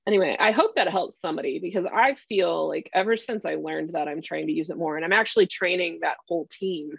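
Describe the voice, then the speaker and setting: A woman's voice: lowish voice, a little fast, vocal fry, breathy edge, no echo, lo-fi sound. A woman coach being interviewed, chatting casually and acting out little quoted scenes as she explains. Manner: chatty, animated storytelling with acted-out quotes. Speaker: podcast guest, career strategy coach.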